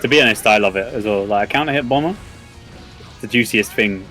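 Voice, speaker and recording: Male esports co-commentator, low and laid-back, chatty analysis, light music bed. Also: a little fast, sharp tone. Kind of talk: live fighting game commentary.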